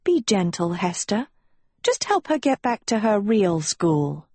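A woman's voice: mid-range voice, big pitch swings, unhurried, darkish tone, breathy edge, no echo. A woman voicing a teenage girl turned villain in an audiobook, silky, taunting and coldly sweet. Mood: menacing. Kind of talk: audiobook character reading.

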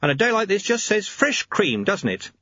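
A chirpy milkman, as a male narrator puts him on, pushed high and bright, selling his goods with breezy cheer. The storybook recording sounds dull and lo-fi. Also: sing-song, moderate pace, no room sound, full character voice.

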